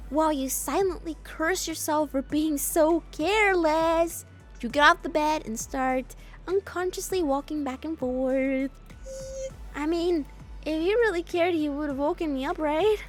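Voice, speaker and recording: Woman streamer, high and bright-toned, reads a story game aloud with playful asides; soft music under her. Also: normal speed. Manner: playful, expressive, jokes at her own reading.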